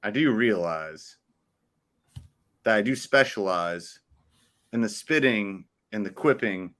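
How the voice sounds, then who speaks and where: A man co-hosting a casual sports podcast, playful and jokey, slipping into quick rhyming riffs. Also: lowish voice, animated, fairly bright tone. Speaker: podcast co-host.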